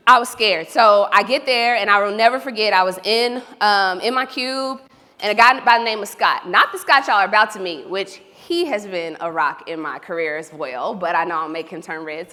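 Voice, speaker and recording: A woman from Oklahoma, giving an animated, storytelling keynote speech and talking straight to the audience. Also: mid-range voice. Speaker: keynote speaker. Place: large hall. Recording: reverberant event hall.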